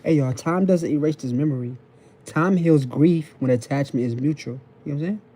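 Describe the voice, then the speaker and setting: Man, phone live stream, preachy and repetitive, slangy, very dark mellow tone, a bit high. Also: a little fast. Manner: repetitive, preachy, keeps checking in with the audience; casual slang and profanity. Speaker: TikTok live host. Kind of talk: live-stream lecture to viewers.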